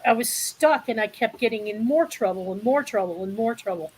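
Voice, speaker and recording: A woman's voice: a little high, animated, fairly quick, darkish tone, slight background noise. A woman in her sixties speaking bluntly and passionately in a candid live discussion. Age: 60s. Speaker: panel guest.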